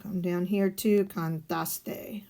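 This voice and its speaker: A Spanish teacher takes her time in a recorded video lesson, moving step by step through guided notes and answering questions she poses herself. Her voice is fairly low, steady, and warm.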